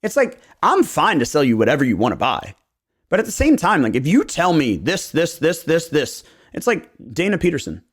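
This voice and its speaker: A man's voice: a little high, moderate pace. A man, hosting a casual podcast chat, telling stories and acting out clients' lines with loose swearing. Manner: animated storyteller who acts out clients' lines, profane. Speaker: real estate agent and podcast host.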